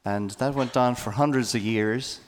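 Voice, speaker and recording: A man's voice: mid-range voice, normal speed. Irish man chatting on a reverberant stage. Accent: Irish, Waterford. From Ireland. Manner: relaxed, rambling, with fillers. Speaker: folk singer. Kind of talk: casual storytelling between songs. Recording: live festival stage with long reverb and faint guitar.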